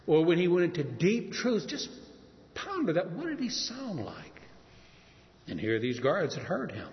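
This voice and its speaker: An older man from Texas preaching a sermon, earnest and emphatic, with dramatic pauses and strong stress on words. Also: fairly high pitch, huge pitch swings. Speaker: pastor. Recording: muffled sound in a reverberant hall.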